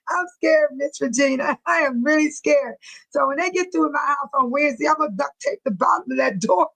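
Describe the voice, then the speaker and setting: Chatting with viewers by name and laughing often, a middle-aged woman from California runs a casual livestream from a room near a bathroom in her home. Her voice is high, a bit bright and fairly quick, and the audio is poor.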